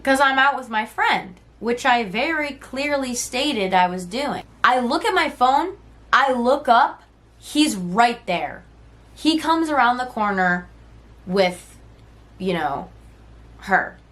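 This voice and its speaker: A woman in her twenties tells a personal story straight to camera in a relaxed vlog style. She talks candidly and conversationally, leaning on "like" and "right?". She swears freely and slips into quoted voices when she retells old text messages. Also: fairly high pitch, slow pace.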